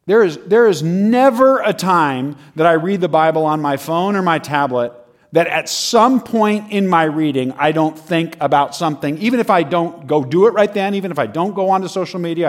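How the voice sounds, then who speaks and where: A man preaching in an animated, conversational style, often laughing between his points. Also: a little high. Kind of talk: humorous sermon.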